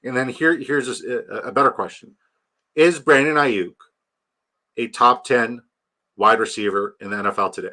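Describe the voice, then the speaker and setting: A man's voice: medium pitch, moderate pace, long pauses, pushed and bright. A young man chatting casually on a fantasy football stream, rambling and joking, swearing freely. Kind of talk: casual live-stream chat.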